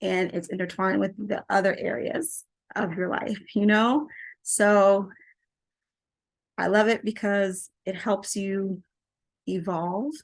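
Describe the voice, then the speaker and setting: Middle-aged woman, parenting coach talking to camera; animated, laughs easily, repeats key phrases. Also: medium pitch, slow. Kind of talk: casual talk to camera.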